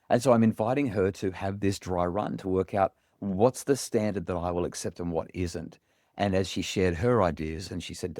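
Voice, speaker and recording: A middle-aged Australian man, a parenting expert, telling a story in earnest, animated podcast conversation. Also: sits low, moderate pace, no echo, clean studio sound.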